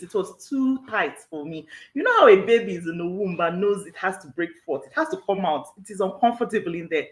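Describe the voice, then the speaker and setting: A woman's voice: medium pitch, roomy sound, low-quality recording. A woman coach hosting an online workshop who talks emphatically, repeats herself and laughs often. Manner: emphatic and repetitive, with frequent "all right"; laughs often while talking. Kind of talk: live online workshop talk.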